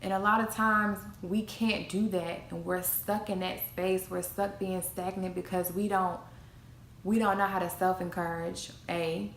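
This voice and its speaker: Emphatic woman vlogger with a gravelly edge. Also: fairly low pitch, fairly even intonation, measured pace. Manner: preachy, emphatic repetition. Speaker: motivational vlogger. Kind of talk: casual motivational talk. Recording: echoey room, faint noise.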